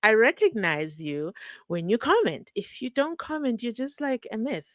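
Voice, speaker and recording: With a fairly high pitch, a normal pace and no echo, this South African woman hosts a true crime live stream. She chats casually and energetically with viewers, often laughing and wandering into asides.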